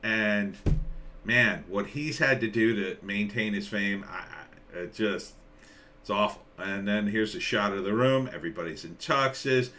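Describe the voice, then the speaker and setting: Bright-toned sarcastic male streamer. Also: fairly low pitch, unhurried, a little hiss or hum. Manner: sarcastic, rambling, reads out chat comments. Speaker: live stream host. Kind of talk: casual commentary on a live stream.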